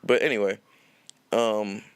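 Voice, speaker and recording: A man's voice: on the low side, fairly even intonation, a little slow, clear, resonant tone, no echo. Rambling, profane young man telling a story. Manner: rambling, profane, restarts often. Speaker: podcast host. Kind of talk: casual storytelling.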